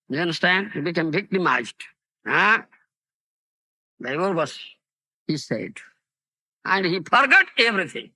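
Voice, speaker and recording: Animated high-voiced Indian man lecturing. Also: no echo. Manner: keeps asking "do you understand?"; halting, repeats key words. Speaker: spiritual teacher. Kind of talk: scripture lecture.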